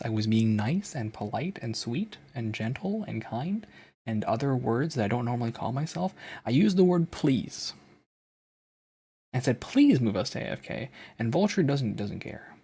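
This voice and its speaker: A male streamer with a husky, slightly breathy voice, talking casually to his stream. He sounds exasperated and self-mocking, repeating the same command again and again. His pitch sits in an ordinary middle range. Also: expressive, moderate pace, dark tone. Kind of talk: casual live-stream chat.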